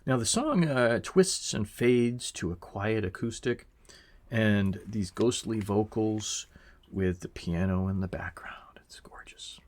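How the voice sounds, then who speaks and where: A man giving a casual, reflective album review, unhurried and full of fillers, swearing now and then. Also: fairly low pitch, a little mellow. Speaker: music reviewer.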